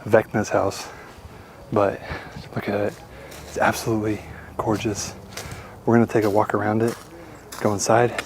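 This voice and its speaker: A man leads viewers through his urban exploration, eager and talkative. His low voice has a gravelly fry. Faint outdoor noise sits behind him. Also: a little mellow. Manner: enthusiastic, guiding the viewer. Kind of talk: vlog narration. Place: outdoors at an old house.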